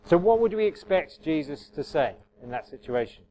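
A man's voice: on the high side, sing-song, normal speed, dark tone, low-quality recording. A man giving an informal sermon, chatty and self-correcting, with wry asides to the congregation. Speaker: preacher. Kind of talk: informal sermon with audience interaction.

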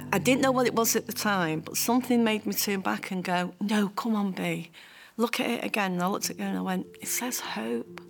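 A woman giving an emotional personal testimony, halting and tearful at times. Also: fairly low pitch, vocal fry. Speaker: interviewee sharing her story.

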